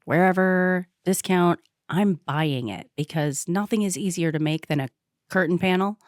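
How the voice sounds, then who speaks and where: A mother co-hosting a podcast, telling stories in a playful, animated way. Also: on the low side, normal speed, dry recording, studio quality. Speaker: podcast co-host. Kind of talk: casual chat.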